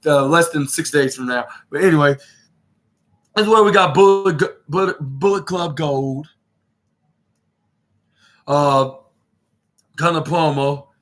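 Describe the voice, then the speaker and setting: A man hosts a casual wrestling recap podcast. His voice sits a bit high and sounds bright and forward. He rambles with lots of fillers and false starts, and often slips into acting out what the wrestlers said. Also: unhurried, pauses often. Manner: rambling, many fillers and restarts, acts out quotes. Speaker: podcast host.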